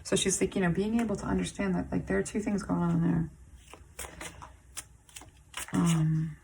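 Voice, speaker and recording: A woman giving an intuitive tarot reading to camera, halting and rambling with many "like"s and restarts, emotionally intense and pausing to sigh and breathe. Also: on the low side, fairly even intonation, gravelly, mellow, a little hiss or hum. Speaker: tarot reader.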